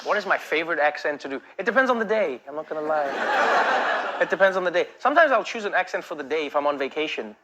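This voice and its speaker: Man, high voice, laughing storyteller, animated, noisy played-back clip. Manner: laughs often, animated, slips into quick impressions. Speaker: comedian in a backstage interview. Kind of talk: casual storytelling.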